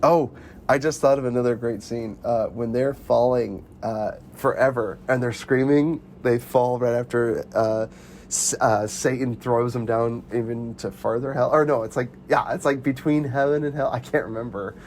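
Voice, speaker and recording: A young man co-hosting a casual movie chat podcast, animated and laughing often, full of fillers. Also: mid-range voice, normal speed, a little hiss or hum. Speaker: podcast co-host.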